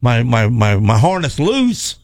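Man, storyteller, animated, dry close sound, repeats words when excited. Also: medium pitch, a little slow, dry recording. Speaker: former race car driver telling stories. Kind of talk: casual storytelling chat.

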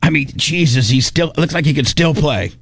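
A man's voice: a little high, normal speed, gravelly, slightly rough, no room sound. A man hosting a podcast in loose, rambling casual chat. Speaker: podcast host.

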